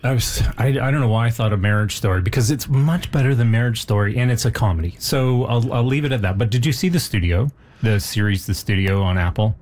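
A man talking as a guest on a radio show, hesitant and full of ums, pausing and restarting as he describes films. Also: medium pitch, a little mellow. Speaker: film society guest. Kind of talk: casual radio interview. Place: radio studio. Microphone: studio microphone.

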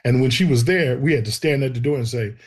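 A man telling a personal story in an animated way, acting out the voices of the people in it. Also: mid-range voice, quick pace. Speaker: guest telling his testimony.

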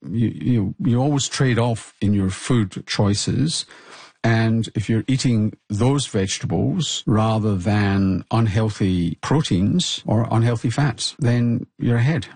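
A man, a health expert co-hosting a podcast, explaining in a measured way with frequent restarts. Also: fairly low pitch, a little mellow, slightly rough, dry recording.

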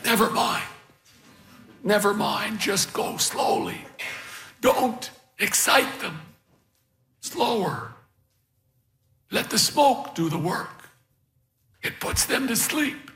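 Old man, gentle mentor, read by a male narrator: hushed, slow, patient. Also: high-pitched, expressive, reverberant, voice pushed up, exaggerated voice. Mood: hushed coaching. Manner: soft, slow, hushed coaching.

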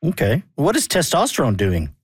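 A man's voice: fairly high pitch, huge pitch swings, normal speed, husky, dry recording. A man hosting a radio interview, asking short conversational questions. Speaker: radio host.

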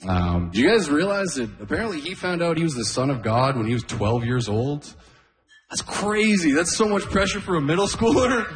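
A man's voice: on the high side, lively intonation, moderate pace. A man doing a stand-up comedy set on a club stage, talking loosely and chuckling at his own jokes. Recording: roomy club sound.

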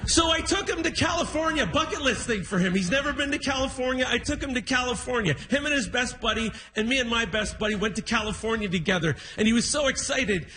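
Stand-up comic, high, bright tone, animated storytelling. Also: male voice, a little hiss or hum. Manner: animated, self-deprecating, quick asides. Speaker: comedian.

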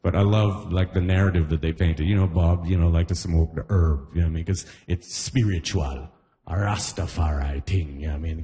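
A man's voice: low-pitched, fairly quick, dark tone. A Caribbean man with a Trinidadian accent performing a chatty stand-up comedy set on a club stage. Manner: chatty, peppered with "you know what I mean".

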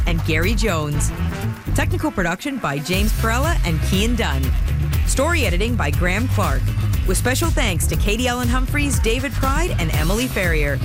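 A woman reading the closing credits of a radio comedy show in a lilting way. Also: on the high side. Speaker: announcer. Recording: loud music underneath.

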